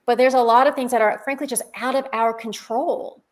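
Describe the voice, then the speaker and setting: A woman's voice: a little high, steady tone, a little fast. A woman co-hosting a faith podcast, speaking in a reflective, explanatory way with rhetorical questions. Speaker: podcast co-host. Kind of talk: conversational faith podcast talk. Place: podcast studio.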